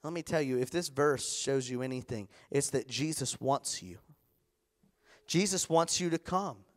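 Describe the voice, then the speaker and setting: A man preaching a sermon as pastor in a church, animated, acting out the voices of others. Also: mid-range voice, unhurried.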